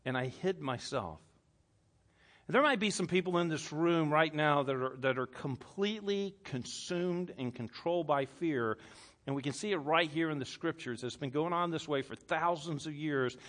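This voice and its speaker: A man with a bright, forceful, rather high voice preaches a sermon to a room full of people. He talks like he is chatting with them, often repeating words as he goes. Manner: conversational preaching with stammered repeats and laughter. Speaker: pastor. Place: room with a congregation.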